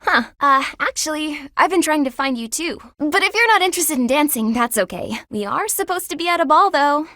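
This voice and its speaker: An eager, giggly young student. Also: female voice, high-pitched, expressive, bright, forceful tone, dry recording, studio quality. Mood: friendly. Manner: eager, earnest and quick to giggle. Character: eager earnest young woman student, hardworking and shy. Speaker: video game character. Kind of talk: video game voice acting.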